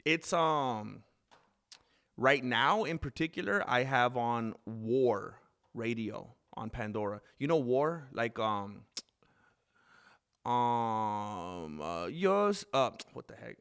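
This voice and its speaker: A man's voice: medium pitch, animated, slow pace, vocal fry, fairly bright tone, clear, resonant tone. Rambling male live-stream host. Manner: rambling, reads chat comments aloud, laughs often. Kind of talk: casual live-stream chat. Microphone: desk microphone with mixer.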